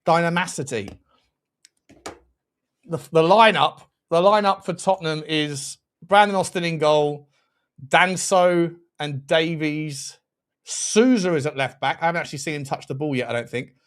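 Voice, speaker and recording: Hosting a fan channel's live football watchalong, a man with a voice on the high side chats over the game. He gets animated and excitable, laughing and swearing easily.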